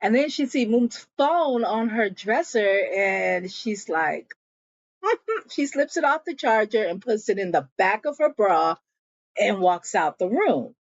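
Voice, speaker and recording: A woman's voice: medium pitch, big pitch swings, slow pace, no room sound, lo-fi sound. A woman casually recapping a TV episode, telling the story in a chatty way and slipping into the characters' quoted lines as she goes.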